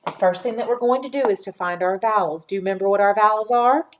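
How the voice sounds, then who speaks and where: A woman teaching a phonics lesson to young children in a patient, clear teacher voice, sounding out letters one by one. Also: medium pitch, fast talker.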